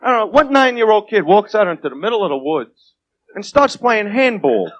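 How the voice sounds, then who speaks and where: Heard on an old 1980s TV tape with the highs cut off, a stand-up comedian at a comedy club does a crude, swaggering set, his high voice swinging widely in pitch at a slightly fast clip as he keeps asking the crowd "right?"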